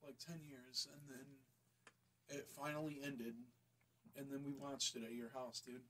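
Bright-voiced young man rambling in casual chat. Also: mid-range voice, fairly even intonation, unhurried, a little hiss or hum, low-quality recording. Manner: rambling, heavy swearing, lots of fillers. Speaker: podcast co-host.

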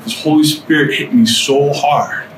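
A man's voice: a little high, steady tone, unhurried. A man giving his testimony to a small group in a casual, earnest way, often adding "man" and repeating phrases for emphasis. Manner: casual and conversational, peppered with "man" and "dude". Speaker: guest speaker sharing his testimony. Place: indoor room with a small group of listeners. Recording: echoey room, voice picked up from a distance, faint background hum.

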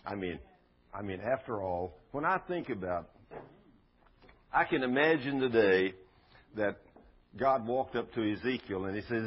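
A man's voice: on the low side, lively intonation, measured pace, long pauses, breathy edge, muffled recording. A man preaching a sermon, telling stories in a folksy way with rhetorical questions.

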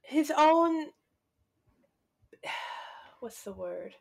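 A woman's voice: high voice, big pitch swings, vocal fry. A young woman co-hosting a casual chat, playful and teasing. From United States. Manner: playful, teasing, quick to laugh.

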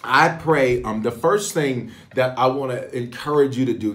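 Pastor, man, livestream prayer host, lively call-and-response delivery. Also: mid-range voice, normal speed, hardly any pauses. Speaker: pastor leading online prayer.

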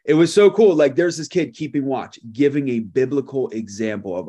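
A male pastor preaching a sermon, telling a lively story and acting out the people in it with laughter. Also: medium pitch, normal speed, few pauses, breathy edge.

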